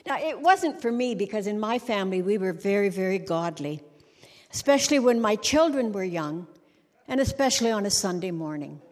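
A woman's voice: mid-range voice, expressive, moderate pace. A middle-aged woman giving a humorous sermon on a church stage, a wry storyteller who jokes and acts out little scenes. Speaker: church speaker. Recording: long hall reverb.

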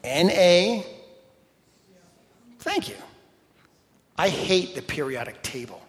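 A man preaching a sermon, telling animated stories, talking straight to the congregation and dropping to a whisper for emphasis. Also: a little high. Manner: animated storytelling, talks to the congregation directly. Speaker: pastor. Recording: long reverb in a large hall.

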